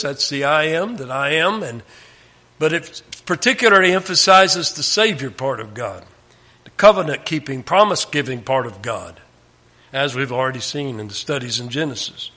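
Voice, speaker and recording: A man giving a Bible teaching, emphatic, often dropping his voice low at the end of a phrase. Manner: emphatic, drops to a hush at phrase ends. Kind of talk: sermon.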